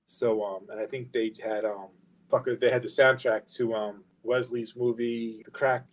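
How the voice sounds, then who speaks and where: A middle-aged man tells a personal story in a casual interview. He swears freely and acts out the other people's lines, and his voice sits at a medium pitch. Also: moderate pace, poor audio. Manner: profane, animated anecdote-telling with quoted dialogue. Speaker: guest, record label founder.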